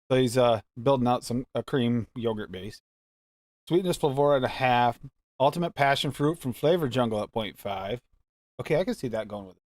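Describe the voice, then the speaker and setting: A man's voice: mid-range voice, no room sound. A man hosting a live mixing show, chatting casually and reading recipes aloud in a rambling, musing way. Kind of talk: casual live-stream chat.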